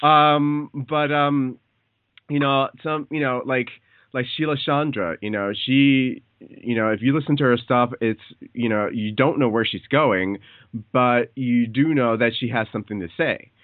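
A man hosting a casual phone interview, talking in a hesitant, halting way with many fillers. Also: mid-range voice, no room sound. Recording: tinny phone line, dry.

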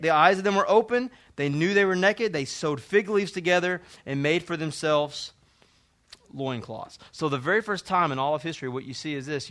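Young guy preaching in church, kinda high bright voice, gets loud then goes quiet. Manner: preaching with swells of intensity, then drops to hushed tones. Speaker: pastor. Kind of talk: sermon. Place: church hall.

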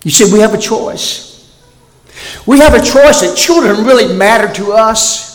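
Man preaching, bright-pitched and highly animated, big loud-to-hushed swings, roomy reverberant church sound. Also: measured pace. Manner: animated preaching, swings from loud emphasis to near-whispered lows. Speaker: pastor. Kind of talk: sermon.

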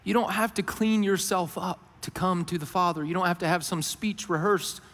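High-voiced preacher in a reverberant hall. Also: male voice, steady tone, moderate pace, fairly bright tone. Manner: earnest, rises for questions and drops low for emphasis. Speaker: pastor. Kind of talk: sermon.

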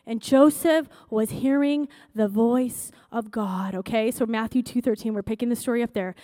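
A woman pastor preaching a sermon in a conversational, excitable way that rises to shouting. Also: fairly high pitch, moderate pace, no room sound, clean studio sound.

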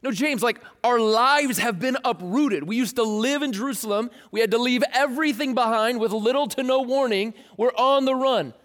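A pastor voicing a frantic persecuted believer who pleads in a whiny, slangy way. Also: male voice, extremely high pitch, normal speed, few pauses, a bit bright, voice pushed up. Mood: pleading. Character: frantic persecuted early Christian, young adult man.

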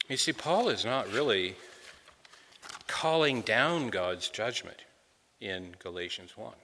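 Bright-voiced preacher in a reverberant hall. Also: male voice, mid-range voice, very animated, measured pace. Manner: earnest expository preaching, repeats words when restarting. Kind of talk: sermon.

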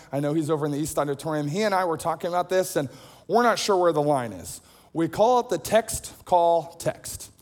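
A man preaching a sermon, telling everyday stories in a chatty, self-deprecating way. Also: on the high side. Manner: conversational storytelling with self-deprecating humor. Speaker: pastor. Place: large auditorium. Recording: long hall reverb.

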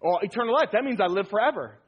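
A man's voice: high-pitched, expressive, fast, breathy edge, muffled recording. A man preaching a sermon as pastor, emphatic and repeating key phrases for weight.

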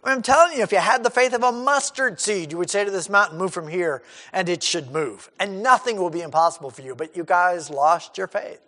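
A man preaching an expository sermon who acts out crowd voices and swings from loud to hushed. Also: sits high, expressive, a little fast, few pauses. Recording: hall reverb.

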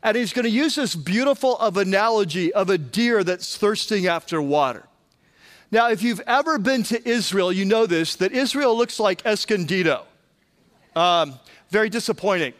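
A man with a high-pitched voice gives a sermon in an easygoing, conversational manner. He restarts sentences often and keeps checking in with the congregation as he goes. He talks plainly, as if to friends, rather than in a formal pulpit style. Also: lively intonation, normal speed, a bit bright. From Southern California. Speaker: pastor.

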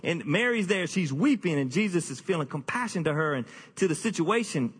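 Male pastor, husky voice, lively jokey sermon delivery, long hall reverb. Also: a little fast. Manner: animated, jokey preaching with sudden high-pitched bursts.

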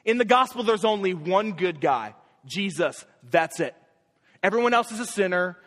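A young man with a high voice preaches a sermon, pushing his pitch up sharply on each key point. His emphatic delivery rings out through a church hall with a long, trailing reverb. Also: expressive, normal speed, a bit bright. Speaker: young adults pastor.

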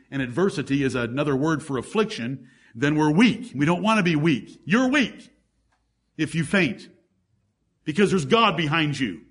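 High-voiced man preaching with fervor. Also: husky. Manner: emphatic preaching, rhetorical questions, lists scripture examples. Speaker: pastor. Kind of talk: sermon.

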